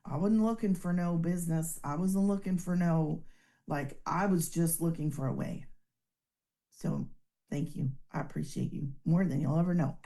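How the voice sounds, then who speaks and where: A woman's voice: sits low, dark tone. A woman giving an earnest, emotional personal success testimonial over a video call. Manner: earnest, emotional, fast-talking storyteller. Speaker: business testimonial speaker.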